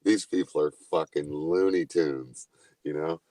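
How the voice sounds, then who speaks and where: A man's voice: very deep voice, fairly even intonation, measured pace, mellow, no room sound, recorded from a distance. A middle-aged man chatting casually, rambling and swearing, laughing as he tells stories. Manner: rambling, profane, laughing often. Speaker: livestream chat guest. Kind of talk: casual chat. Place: in a car, then at a house.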